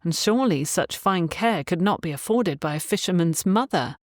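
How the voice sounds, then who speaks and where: A woman reading an audiobook as narrator in a steady, even storytelling manner. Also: on the low side, moderate pace, dry recording, clean studio sound.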